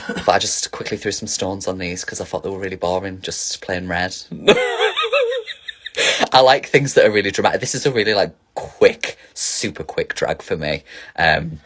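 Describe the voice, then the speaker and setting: A man's voice: low voice, moderate pace, fairly bright tone. A man casually chatting on a phone livestream as a drag performer, reading viewer questions aloud and answering with camp, giggly energy.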